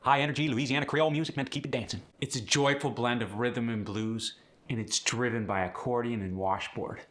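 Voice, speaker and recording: A man coaching pronunciation in a clear, upbeat, instructive manner. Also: mid-range voice, fairly even intonation, a little fast, fairly bright tone. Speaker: accent coach. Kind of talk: pronunciation tutorial.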